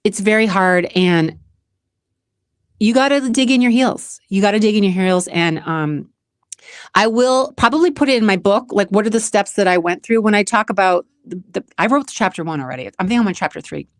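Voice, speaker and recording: A woman's voice: medium pitch, lively intonation, normal speed, dry recording, studio quality. A woman hosting her own channel, talking earnestly through a personal motivational monologue, repeating phrases for emphasis. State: close to tears at times. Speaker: channel host.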